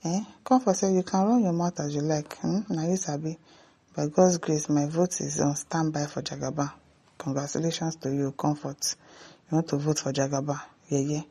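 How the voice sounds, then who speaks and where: A woman with a Nigerian accent hosting an online show, reading out viewer comments and answering them in lively asides, dropping into Pidgin now and then. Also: low-pitched, moderate pace, breathy edge. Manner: animated, switches into Pidgin asides.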